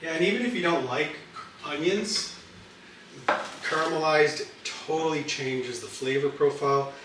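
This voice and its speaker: A man hosting a cooking video, chatting in a relaxed, rambling way as he builds sandwiches. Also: fairly high pitch, unhurried, background noise. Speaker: cooking channel host. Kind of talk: casual cooking chat. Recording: very echoey room, mic far off.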